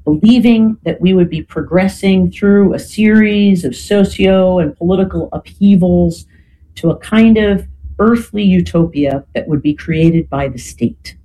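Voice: medium pitch, a little slow, dark tone, poor audio. A podcast guest explaining at length in a lecture-like way, often checking in with "right?" and "you know". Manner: thoughtful, lecture-like delivery with restarts.

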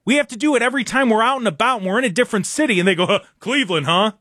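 A man's voice: extremely high pitch, lively intonation, racing, fairly bright tone, no echo, clean studio sound. A young adult man, hosting a sports talk show and ranting in an exasperated, emphatic way. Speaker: sports talk radio host.

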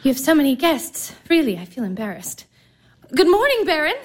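A gushing, flustered young fiancée, played by a woman. Her voice is high and leaps up and down. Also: big pitch swings, brisk. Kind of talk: stage-play radio acting.

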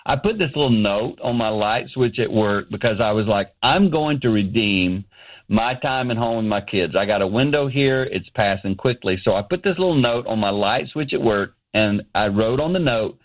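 Brief: middle-aged male guest, earnest storyteller, lively quoting, speaking from an office. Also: on the low side, moderate pace, rough recording. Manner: earnest, anecdotal, animated quoting. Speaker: ministry founder, guest. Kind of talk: storytelling radio interview. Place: his office.

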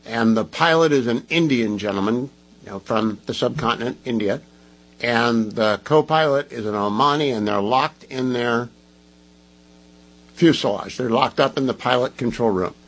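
A man's voice: medium pitch, moderate pace, poor audio. A man hosting a talk radio show, giving emphatic, sarcastic commentary full of rhetorical questions.

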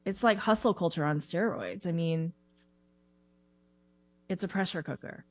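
Woman, career coach, chatty, filler-heavy, lower pitch, dry recording. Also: a little slow, no room sound. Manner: chatty, animated, frequent "like" fillers. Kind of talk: podcast interview. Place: home office, remote call.

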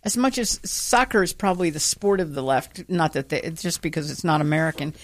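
A woman's voice: low-pitched, a little fast. A woman co-hosting a talk radio show, chatting casually and telling stories with acted-out quotes. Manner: animated storyteller, acts out quotes.

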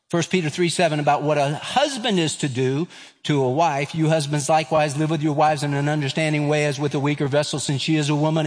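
Animated pastor in his fifties, echoing hall. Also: a little high. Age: 50s. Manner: animated, acts out quoted voices. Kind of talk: sermon with storytelling. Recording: long reverb of a large hall.

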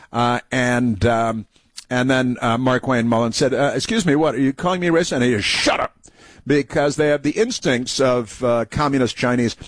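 A male talk host delivers sharp, mocking political commentary full of fillers. His voice sits at an ordinary middle pitch. It is recorded close and dry, with no room sound. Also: no echo. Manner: combative, mocking, many fillers. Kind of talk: political commentary over played clips.

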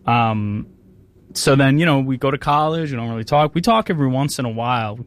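A man's voice: medium pitch, expressive, a little fast. A young man co-hosting a radio show, rambling and self-mocking with lots of fillers. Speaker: radio co-host. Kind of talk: casual chat.

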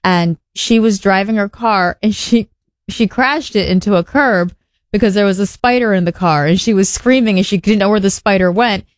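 A woman's voice: medium pitch, normal speed, dry recording. A woman in her forties co-hosting a radio show, telling stories in a chatty way and laughing often. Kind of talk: casual radio chat.

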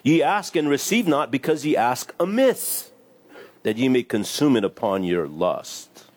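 Male pastor, conversational sermon, middle pitch, playful asides. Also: sing-song, unhurried. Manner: conversational, acts out little voices with laughs. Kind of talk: casual sermon with scripture reading.

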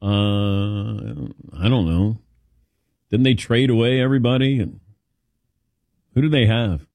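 A man's voice: on the low side, slow pace, dry recording. A man hosting a sports talk radio show, chatting casually and rambling with lots of fillers. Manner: lively, rambling with many fillers. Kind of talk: casual radio chat taking calls.

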